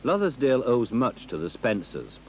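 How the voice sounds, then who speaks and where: A man narrating a documentary in a measured, expressive way. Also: mid-range voice, a little hiss or hum. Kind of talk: scripted narration.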